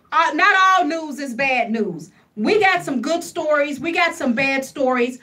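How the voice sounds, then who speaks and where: A woman hosting a live stream talk show, speaking with energetic, preacherly uplift. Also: high voice. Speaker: host.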